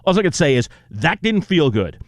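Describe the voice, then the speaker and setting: A man's voice: on the high side, normal speed, no room sound, studio quality. A man hosting a radio sports talk show, chatting casually and telling stories with a self-mocking streak. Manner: animated, self-mocking storyteller.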